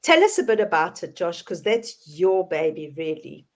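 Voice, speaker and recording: A woman hosting a casual online chat over a video call, bubbly and quick to laugh. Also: on the low side, very animated. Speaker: host.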